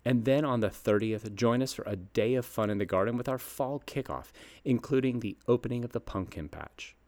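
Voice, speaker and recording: A man's voice: mid-range voice, brisk, a little mellow. A man in his fifties, a garden nursery host reading his scripted column aloud in a folksy, upbeat storytelling way.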